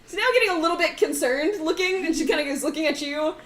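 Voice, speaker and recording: Woman gm for a tabletop game, high lively voice, giggles a lot, echoey room. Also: quick pace. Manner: laughs often while narrating. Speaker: game master.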